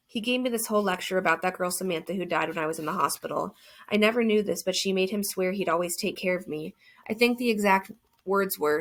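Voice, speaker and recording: A woman narrates an audiobook in the first person, earnest and reflective. Her voice sits low with a gravelly fry. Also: brisk, fairly bright tone.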